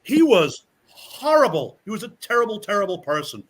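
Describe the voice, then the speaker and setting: A man, a wrestler guest, telling stories in a casual chat, animated and swearing freely while acting out what people said. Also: high voice, moderate pace. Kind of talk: casual storytelling.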